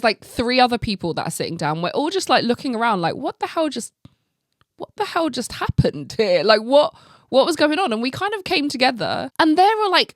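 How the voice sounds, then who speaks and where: A woman hosting a podcast, telling a story in a casual, animated way, full of "like" and acted-out reactions, with some casual swearing. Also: a little high, dry recording, clean studio sound. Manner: animated, heavy use of "like", acts out her own reactions. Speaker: podcast host.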